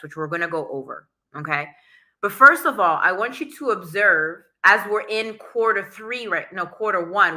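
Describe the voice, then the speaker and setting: A woman's voice: on the low side, bright, forceful tone. A young woman hosting a casual live stream, chatting to viewers and greeting them by name, still out of breath after a workout. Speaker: social media coach and live-stream host.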